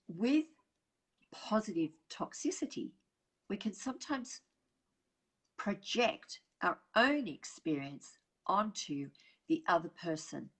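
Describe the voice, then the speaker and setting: A woman presenting a live online workshop over a video call, chatting warmly with viewers, reading out their comments and laughing often. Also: fairly low pitch, poor audio.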